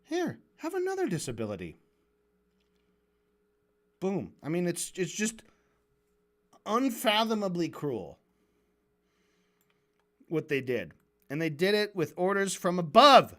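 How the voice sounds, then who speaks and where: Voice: mid-range voice, big pitch swings, slow pace, pauses often, a bit bright. Sarcastic, swearing debate-stream commentator. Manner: sarcastic, profane, heated; stumbling restarts while building arguments. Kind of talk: ranting livestream commentary.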